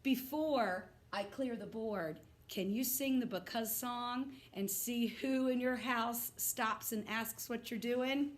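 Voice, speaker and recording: A woman teaching first graders, slowly thinking aloud step by step as she works through a worksheet. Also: a little high. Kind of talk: modeling a worksheet out loud. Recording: echoey room, voice away from the mic.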